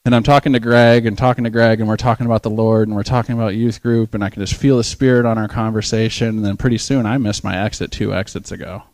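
A young man preaching in church, telling a story with lively acted-out voices and frequent laughs. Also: lowish voice, fast talker, few pauses, no echo. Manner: animated, acts out voices in his story, laughs often. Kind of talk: storytelling sermon.

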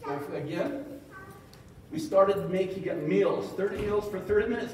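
An extension-talk presenter with a high-sitting, darkish voice takes his time, joking folksily with a live audience and acting out quotes. Slight background noise is present, and the large, echoey hall was recorded from far off.

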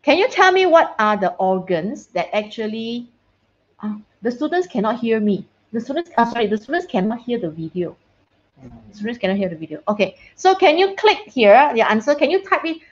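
A woman's voice: a little high, sing-song, fairly quick, lo-fi sound. A woman teacher giving an online science lesson on a video call, chatty and casual, often checking that her students can hear her and slipping in short Mandarin phrases. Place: online class.

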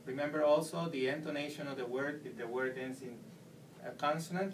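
A man teaches Spanish verb endings at a whiteboard, walking through each step patiently. He sounds set back from the camera mic, with a faint hum of room noise behind him. His pitch sits in an ordinary middle range. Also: moderate pace, recorded from a distance, rough recording. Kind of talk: whiteboard language lesson.

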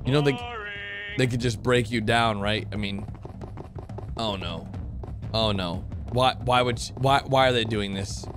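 A man giving excited reaction commentary to animated clips, blurting out reactions and cheering the characters on. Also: fairly low pitch, measured pace, long pauses. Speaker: reaction video host. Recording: animation audio and music playing behind.

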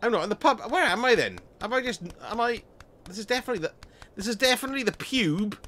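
A man talks his way through a game on a live stream, cheeky and chatty, quick to swear and laugh. His voice sits high and leaps about in pitch, with a bright, forceful edge. Faint music plays underneath. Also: very animated. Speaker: gaming streamer. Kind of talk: casual let's-play commentary.

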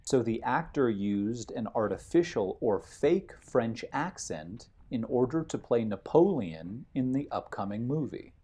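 A man giving a vocabulary lesson while walking outdoors on a hiking trail, in a measured way, defining each word and then restating his example. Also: mid-range voice, expressive, warm tone, slightly rough. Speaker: vocabulary teacher.

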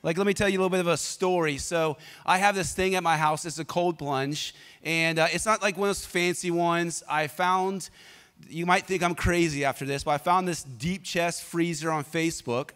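A pastor giving a sermon in a casual, energetic way, telling personal stories and prompting the congregation to answer back. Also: male voice, on the high side, normal speed, clean tone, long reverb tail.

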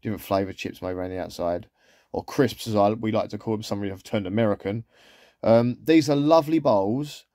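Male vlogger, easygoing and rambling, mellow voice, dry close sound. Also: on the low side, brisk, no room sound. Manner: chatty, rambling, with trailing asides. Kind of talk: casual shopping haul commentary.

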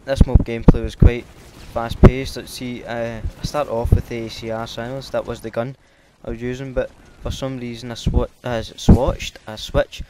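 Hesitant Scottish gamer over gunfire. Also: male voice, medium pitch, level tone, normal speed, hardly any pauses, very noisy. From Scotland. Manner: hesitant, lots of filler ums. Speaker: gameplay commentator. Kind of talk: casual game commentary. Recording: loud game gunfire behind.

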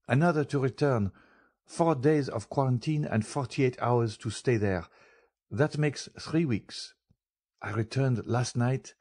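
A man voicing an earnest young male journalist in an audiobook, speaking in a measured, solemn way. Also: mid-range voice, breathy edge. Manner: measured and solemn, gently explaining. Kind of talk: audiobook character reading.

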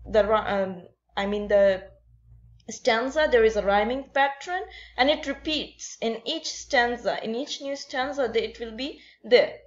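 A woman explaining an English lesson to students, often repeating herself and restarting with fillers. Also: fairly high pitch. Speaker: English teacher. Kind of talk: classroom-style explainer lesson. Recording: dull lo-fi recording.

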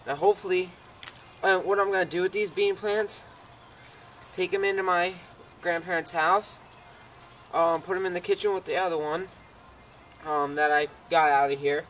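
A man's voice: high voice, steady tone, normal speed, pauses often, fairly bright tone, a little hiss or hum, rough recording. A tired man rambling casually as he shows his garden, talking to his dog along the way. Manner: rambling, self-interrupting, talks to his dog. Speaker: home gardener. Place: outdoor garden.

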